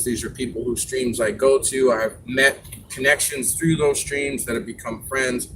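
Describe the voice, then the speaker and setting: Speaking casually on his live stream, a man with a mid-range voice rambles a little and pauses on fillers while advising viewers. The recording is rough, with faint background noise under his voice.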